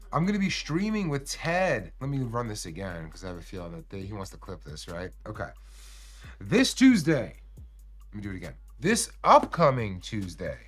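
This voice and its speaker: A man's voice: mid-range voice, fairly bright tone. Profane, rambling man streaming casually. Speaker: cannabis streamer and host. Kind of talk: casual livestream chat.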